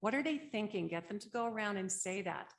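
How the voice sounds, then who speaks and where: This woman's voice is medium-pitched and animated, and she talks a little fast. Leading a grief support session at a conference, she explains the steps practically and conversationally, often asking "right?" The setting is a conference room.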